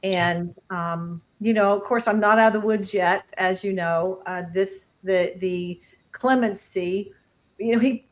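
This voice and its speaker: A woman guest on a video call, grateful and emotional, speaking in halting phrases. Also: mid-range voice, steady tone, poor audio.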